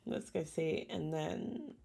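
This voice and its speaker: A woman's voice: deep voice, slow, gravelly, dark tone, husky. A woman chatting casually while playing a game, talking to herself and to the animals in it. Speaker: game streamer. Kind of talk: casual gameplay chat.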